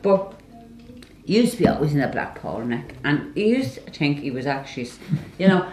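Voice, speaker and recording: Blunt Dublin woman, low lively voice. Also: fairly quick. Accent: Dublin Irish. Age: middle-aged. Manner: blunt, storytelling with slang. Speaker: mother in family chat. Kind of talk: casual family chat. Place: family home. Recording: roomy home video recording.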